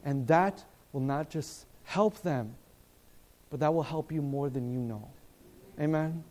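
A man preaching at a seminar, telling a story in a lively way, acting out the dialogue and asking his listeners questions, speaking in a hotel seminar room. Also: on the high side, a little slow. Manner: animated, acts out dialogue, asks the audience questions.

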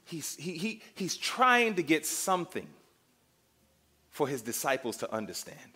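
Animated high-voiced preacher. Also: male voice, a little slow, slightly rough. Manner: dramatic, asks the congregation questions, acts out scenes. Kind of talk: sermon.

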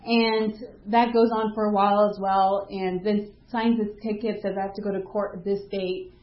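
A woman's voice: mid-range voice, moderate pace, reverberant, muffled recording, slight background noise. A woman giving a personal faith testimony in a casual, storytelling way, acting out what people said to her. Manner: vivid storytelling, acting out quoted dialogue; casual, with frequent fillers like "like". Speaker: speaker sharing a personal testimony.

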